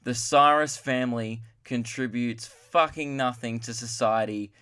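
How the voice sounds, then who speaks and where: A man's voice: medium pitch, measured pace, pushed and bright, smooth. Young guy riffing solo on his comedy podcast, loose and self-mocking. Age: 20s. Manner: rambling, self-mocking, puts on voices for impressions. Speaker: podcast host.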